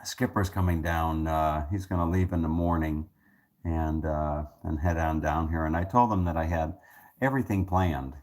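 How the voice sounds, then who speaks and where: A man's voice: extremely low pitch, steady tone, normal speed, darkish tone. A man talking casually to his viewers in a rambling monologue, with many restarts, repeated words and joking asides. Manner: joking, self-amused asides. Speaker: vlogger.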